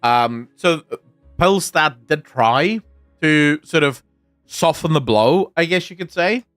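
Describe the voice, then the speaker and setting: A man's voice: fairly high pitch, animated, slow pace, fairly bright tone, dry recording, clean studio sound, faint music behind. A man chatting casually on a livestream, answering his chat, rambling and opinionated with frequent restarts.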